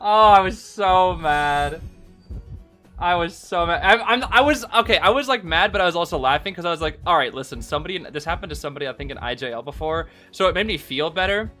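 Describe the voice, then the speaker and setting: An excitable man recaps his gameplay for a live chat, stumbling over repeated words and tossing in "bro" constantly. His voice sits a little high and sounds bright and forceful. Faint music plays quietly behind him. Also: fast talker, few pauses. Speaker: game streamer.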